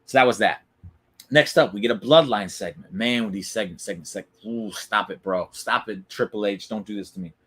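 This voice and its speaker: A man's voice: fairly low pitch, a little fast, a bit bright, breathy edge. A man hosting a casual wrestling recap stream, chatty and opinionated, talking back to viewers in the chat. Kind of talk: casual live-stream commentary.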